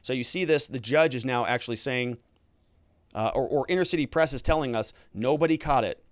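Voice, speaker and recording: A man's voice: mid-range voice, a little fast, dry recording, clean studio sound. A man, an attorney host, giving conversational legal commentary and explaining things with filler words.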